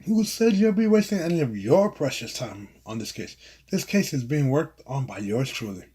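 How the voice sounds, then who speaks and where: A man reading as Jason, a cocky, husky detective. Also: mid-range voice, lively intonation, normal speed, warm tone. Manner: breezy, self-assured.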